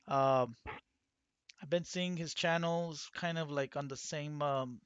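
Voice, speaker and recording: A man's voice: on the high side, steady tone, slow pace, smooth, no room sound, lo-fi sound. A man hosting his own channel, talking casually and rambling with many fillers and restarts. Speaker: channel host. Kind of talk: casual talk to camera.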